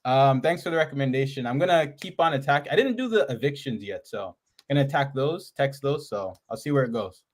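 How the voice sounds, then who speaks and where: A man's voice: medium pitch, expressive, fairly quick. A man with a Toronto Canadian accent, a student on a coaching call, rambling and joking with many fillers.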